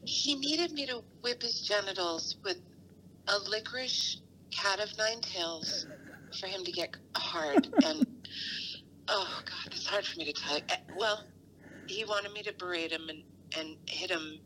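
Lively bright-voiced woman on a call. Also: mid-range voice, measured pace, a little hiss or hum, poor audio. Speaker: friend on the phone. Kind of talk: comedic phone call.

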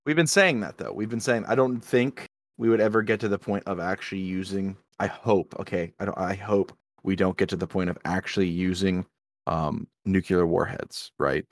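Earnest low man, dry close sound. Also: steady tone, normal speed, no echo. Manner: hesitant, many ums and restarts, earnest. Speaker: podcast co-host. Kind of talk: casual drinking chat. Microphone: podcast mic.

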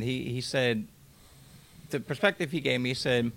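Gravelly-voiced young man telling a raw story. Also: mid-range voice, moderate pace, fairly bright tone. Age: 20s. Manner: blunt and emotional, casual with profanity. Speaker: podcast guest. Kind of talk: candid interview storytelling.

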